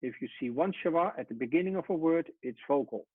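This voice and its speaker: A man teaching a Hebrew lesson at a whiteboard, explaining step by step and often trailing off softly. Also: a little high, animated, fast, breathy edge, no room sound. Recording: tinny phone-like sound.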